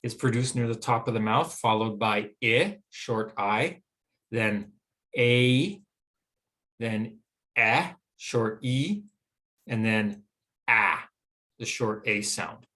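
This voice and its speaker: A man with a Western American accent teaching a phonetics lesson, explaining clearly and pausing to sound out vowels. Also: lowish voice, a bit bright. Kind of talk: phonetics lecture.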